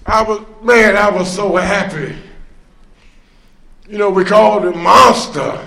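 A man with a high, bright voice shares his recovery story at a meeting, unhurried and full of fillers. He tells it like a storyteller, breaking into loud emphatic bursts and rueful laughs. The sound is roomy and echoey, as in a meeting room. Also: creaky. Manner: drawn-out, conversational, with many fillers. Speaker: speaker sharing at a recovery meeting. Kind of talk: personal recovery testimony.

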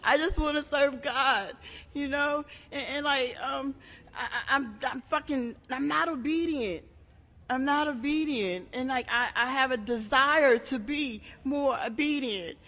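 A woman giving a raw, emotional personal share at a support meeting, talking in halting bursts with many restarts and plenty of swearing. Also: high voice, bright, forceful tone. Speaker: member sharing at a support meeting. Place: meeting room. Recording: echoey hall.

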